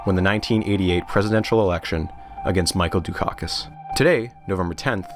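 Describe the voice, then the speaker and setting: A man with a fairly low voice narrates a documentary from a script. He tells the story in a measured way, slipping in dry humor. Clear music runs behind his voice.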